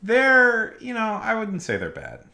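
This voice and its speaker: A man's voice: high voice, wildly swooping pitch, a little slow, sharp tone. A man livestreaming casual, rambling commentary, emphatic and repeating his points. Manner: emphatic, repeats himself, restarts often. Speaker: streamer.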